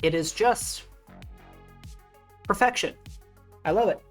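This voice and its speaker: A woman streaming games, chatting casually and excitedly with her viewers, rambling and restarting her sentences. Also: medium pitch, takes it slowly, soft background music. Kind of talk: casual gaming stream chat.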